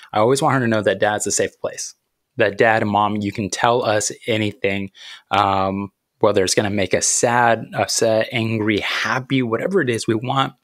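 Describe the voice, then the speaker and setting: A man's voice: fairly low pitch, a bit bright, no echo, clean studio sound. A man in his thirties, a podcast host telling a personal story about faith and parenting in an earnest, reflective way. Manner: earnest, reflective, unhurried, with thoughtful pauses.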